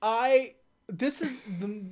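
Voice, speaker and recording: Young woman co-host, chatty, animated storyteller. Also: fairly high pitch, slow pace. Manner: animated retelling, acts out quotes. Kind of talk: casual chat.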